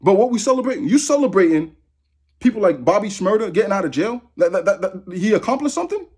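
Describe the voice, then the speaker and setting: A man's voice: sits high, big pitch swings, fast, darkish tone, slightly rough. A man in his thirties from Massachusetts, ranting angrily to camera, profane and repetitive. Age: 30s. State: angry. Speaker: vlogger. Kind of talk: angry rant to camera.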